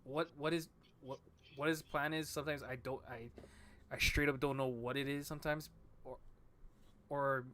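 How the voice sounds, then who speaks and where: A man hosting a casual podcast chat on a headset mic, halting and repeating words as he talks. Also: mid-range voice, level tone, bright, forceful tone, a little hiss or hum. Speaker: podcast host.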